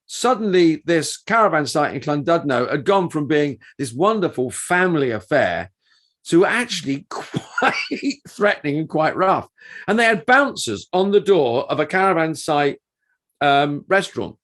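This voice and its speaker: A man's voice: fairly high pitch, big pitch swings, a little slow, a bit bright. A middle-aged man co-hosting a podcast, telling anecdotes in a casual, rambling way with many restarts. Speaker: podcast co-host and performer.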